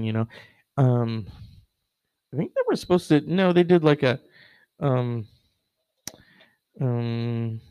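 Slow, rambling man hosting a chat. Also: mid-range voice, creaky, a little mellow, dry recording, low-quality recording. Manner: rambling, many fillers and restarts. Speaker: host of an online show.

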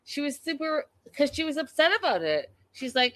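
A woman recapping a reality show in an animated, gossipy way, talking straight to her viewers. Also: high voice, moderate pace, few pauses, no room sound.

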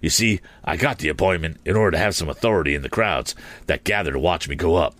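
A man voicing a steady middle-aged male balloonist acting as a deputy in a spoken adventure story, firm and matter-of-fact. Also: low voice, fast talker, no room sound.

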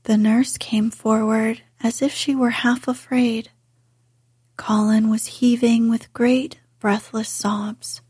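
A woman reading a classic story aloud in a soft, unhurried whisper. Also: a little high, little pitch movement, husky, no room sound, clean studio sound. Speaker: narrator.

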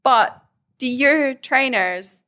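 A woman's voice: sits high, slow, sharp tone. Chatty young woman who laughs often. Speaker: Muay Thai fighter, guest. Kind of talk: casual interview chat.

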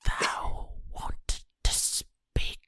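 A man voicing a sinister male devil goat, speaking in a hushed, breathy whisper that tempts and entices. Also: drawn-out words. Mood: tempting.

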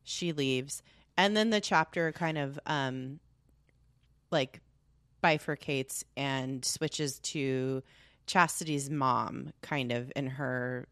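A woman's voice: very deep voice, slow pace, a bit bright, dry recording, clean studio sound. A woman co-hosting a podcast, recapping a book in crude, joking, rambling casual chat full of fillers. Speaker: podcast co-host.

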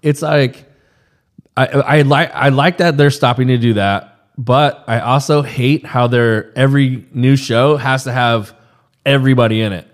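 A young man in loose, casual podcast chat, swearing freely and dropping "dude" into his sentences. His voice sits at an ordinary middle pitch. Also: fairly even intonation, unhurried. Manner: loose, profane, says "dude" a lot. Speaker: podcast co-host.

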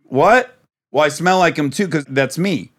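A man hosting a podcast, reading tweets aloud in casual chat, animated and laughing, sometimes swearing. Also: fairly high pitch, measured pace. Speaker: podcast host.

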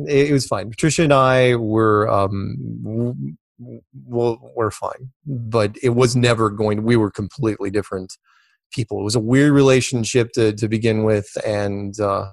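A man's voice: fairly even intonation, moderate pace, no room sound. Middle-aged male guest, rambling storyteller, many restarts, dry close sound. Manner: rambling, repeats words, jumps to high pitch in quotes. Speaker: interview guest. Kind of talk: casual storytelling.

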